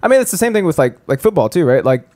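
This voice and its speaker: A man's voice: a little high, big pitch swings, rapid-fire, dark tone. A man co-hosting a podcast, laid-back and joking in casual chat. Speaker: podcast co-host.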